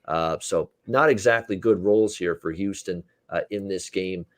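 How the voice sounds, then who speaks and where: Low-voiced man hosting a betting show. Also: a little slow, no echo, studio quality. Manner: loose, conversational, many fillers. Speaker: sports betting show host. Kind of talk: casual sports betting talk.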